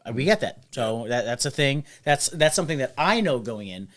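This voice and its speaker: A man's voice: mid-range voice, very animated, brisk, fairly bright tone. A man co-hosting a podcast, telling stories in loose, profane casual chat and mimicking the people in them. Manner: loose storytelling, swears a lot, mimics people. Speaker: podcast co-host.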